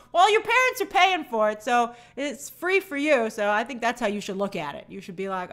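A woman hosts a casual live stream, reading out viewer comments and answering each with quick, chatty opinions. Her voice is fairly high and strikingly bright. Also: lively intonation. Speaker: movie channel host answering viewer questions.

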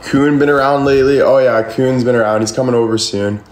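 Answering comments on his livestream, a young man rambles, swears often, and fills his speech with "like." He speaks briskly at a medium, steady pitch, with background noise and an echoey room carrying faint ambience.

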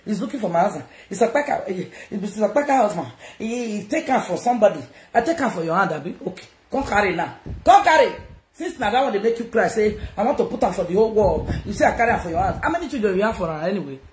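A Nigerian woman chatting casually to her followers, loud and teasing, often laughing. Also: mid-range voice, lively intonation, fast, few pauses. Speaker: social media personality. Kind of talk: casual self-recorded chat to followers. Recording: echoey room with faint noise.

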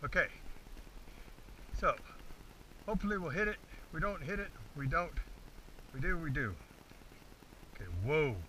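A man's voice: on the high side, expressive, moderate pace, long pauses, bright, forceful tone. A man demonstrating dog training outdoors, explaining to the camera between commands to his dog. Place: outdoors in a field. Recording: distant outdoor recording, faint background noise.

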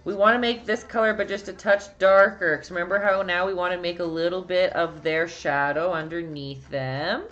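Low-voiced chatty Canadian woman. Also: steady tone, normal speed, few pauses, fairly bright tone, muffled recording, faint music behind. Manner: chatty, answers viewer chat, laughs often. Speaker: painting instructor. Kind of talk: casual live-stream painting lesson.

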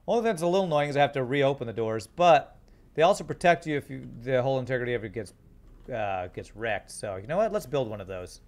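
A man streaming a game, thinking out loud and chatting to his viewers in a casual way. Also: medium pitch, expressive, fast. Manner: thinks aloud, chats to viewers. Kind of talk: casual live-stream gameplay commentary.

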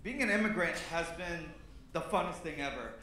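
A man's voice: a little high, expressive, fairly quick, pushed and bright, very echoey, a little hiss or hum. A man in his thirties, originally from Peru, doing a stand-up set in a comedy club with a loose, rambling delivery full of fillers. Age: 30s.

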